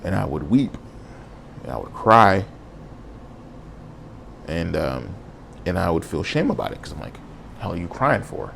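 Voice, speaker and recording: A man's voice: low voice, sing-song, a little slow, vocal fry, long pauses, a bit bright, a little hiss or hum. A man hosting a podcast, talking on his own in an earnest, casual and reflective way. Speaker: podcast host. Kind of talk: solo podcast monologue.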